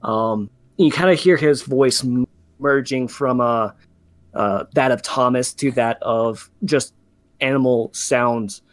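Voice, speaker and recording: A man's voice: mid-range voice, slow pace, no room sound. A man narrating as game master in a tabletop game, talking loosely with many fillers and restarts.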